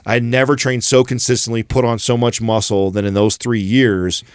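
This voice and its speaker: A man's voice: medium pitch, little pitch movement, normal speed, clear, resonant tone, no room sound, clean studio sound. A man co-hosting a fitness podcast, talking in a loose, rambling conversational way. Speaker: podcast co-host. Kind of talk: casual chat. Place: podcast studio.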